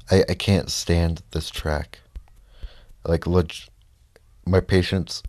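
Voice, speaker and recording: Slow, low-voiced man reacting to a game. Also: no room sound, clean studio sound. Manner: reacts loudly to the game, frustrated outbursts and muttered asides. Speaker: let's play gamer. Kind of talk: casual gameplay commentary.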